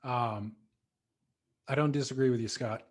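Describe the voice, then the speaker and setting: A man's voice: mid-range voice, steady tone, a little slow. Enthusiastic male podcast co-host. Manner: enthusiastic, teasing banter. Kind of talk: casual chat.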